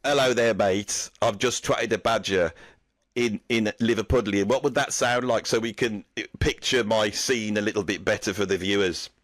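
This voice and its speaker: A man's voice: lowish voice, moderate pace, a bit bright, no echo. A man hosting a silly chat with puppets, telling rambling anecdotes and laughing a lot. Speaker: host.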